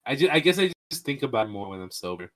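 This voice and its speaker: A man's voice: medium pitch, sing-song, rapid-fire. A young man hosting a casual podcast, bantering loosely with crude jokes and a lot of swearing. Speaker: podcast host. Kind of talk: casual chat.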